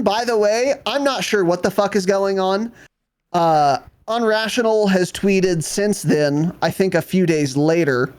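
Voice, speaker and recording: A man's voice: fairly high pitch, a little mellow. A man co-hosting a gaming podcast, talking bluntly and sardonically in casual chat and swearing freely. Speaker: podcast co-host.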